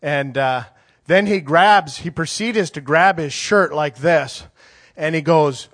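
A man in his forties preaches in a loose, conversational storytelling style. His voice sits a little high for a man. He restarts and circles back often as he talks. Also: a little slow, a bit bright. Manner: conversational, rambling with many restarts. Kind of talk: sermon storytelling.

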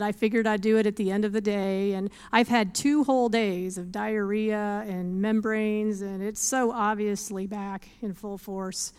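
Earnest woman with a smooth voice. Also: medium pitch. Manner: earnest, animated storytelling with scripture quotes; laughs often. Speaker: speaker giving a faith testimony. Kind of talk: testimony talk.

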